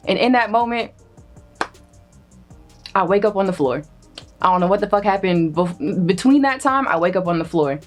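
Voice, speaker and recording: A young woman spins a funny story with lively, expressive delivery, swearing as she goes and slipping into the voices of the people she quotes. Her pitch sits in a middle range, and faint music plays underneath. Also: moderate pace, pauses often. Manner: animated, profane, acts out quoted voices. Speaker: storyteller guest. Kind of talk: casual comedic storytelling.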